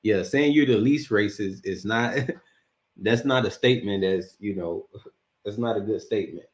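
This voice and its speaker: A man hosting his channel, giving halting reaction commentary with chuckling asides. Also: fairly low pitch. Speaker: host commenting on a clip.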